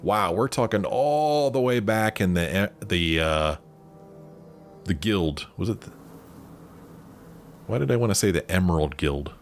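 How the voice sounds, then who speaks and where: Unhurried and pausing often, a man with a low-pitched voice and lively intonation hosts a let's play. He offers casual game commentary and reads dialogue options aloud over faint game music.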